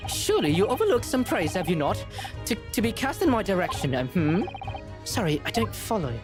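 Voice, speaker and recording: A woman VTuber reads out a video game's dialogue and reacts in a casual, swearing, excitable way. Her pitch jumps around a lot. Game music plays clearly under her voice. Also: a little fast. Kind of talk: casual let's-play reading and commentary. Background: game background music.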